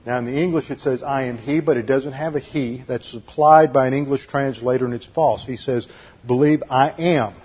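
Husky male Bible teacher, methodical. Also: medium pitch, fairly even intonation, fairly quick, hardly any pauses, highs cut off. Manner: methodical, lists numbered points and spells out words. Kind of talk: expository sermon.

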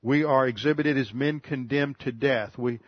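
A male pastor delivers an expository sermon in a methodical, earnest manner, hammering points home by repeating phrases. His voice sits at an ordinary male pitch. The recording is dry and a little dull. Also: normal speed, no echo. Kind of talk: expository Bible teaching sermon.

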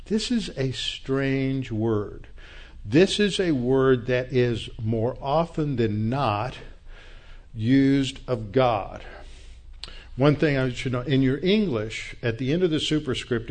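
Male Bible teacher, mid-pitched, slow and deliberate, unpacks word meanings patiently for a congregation. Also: lively intonation, darkish tone. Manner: unhurried, explains Hebrew words step by step.

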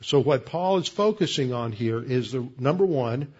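A man's voice: mid-range voice, animated, normal speed, a little mellow, breathy edge. Methodical male Bible teacher, lo-fi. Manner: methodical, explanatory, frequent "uh" restarts.

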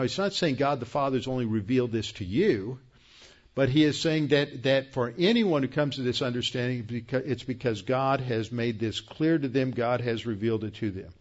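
A man's voice: medium pitch, dull audio. A man teaching a Bible lesson in a conversational sermon style, explaining as he goes with fillers and restarts. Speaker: pastor teaching Bible study.

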